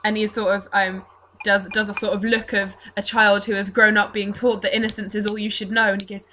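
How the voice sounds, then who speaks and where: A woman's voice: medium pitch, flat delivery, brisk, pushed and bright, slight background noise. A woman narrating as game master, chatty and loose, with many fillers and restarts.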